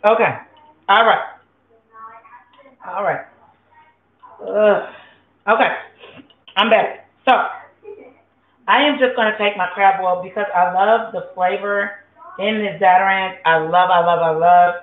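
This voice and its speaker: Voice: mid-range voice, fairly even intonation, slow pace, pauses often. A home cook, chatting loosely and with lots of swearing to viewers while cooking in a kitchen. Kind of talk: casual cooking vlog. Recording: tinny, phone-like and echoey.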